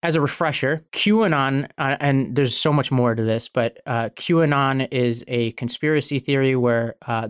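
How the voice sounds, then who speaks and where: A man hosting a political podcast, introducing segments and analyzing politics in a brisk, conversational way. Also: mid-range voice, clear, resonant tone, no room sound, studio quality. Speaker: podcast host. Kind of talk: casual political commentary.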